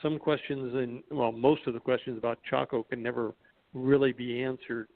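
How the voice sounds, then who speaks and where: A man's voice: mid-range voice, fairly even intonation, normal speed, vocal fry. Man, artist guest, reflective, stammering, tinny phone line. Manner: reflective, stammers, many uhs. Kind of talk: conversational interview.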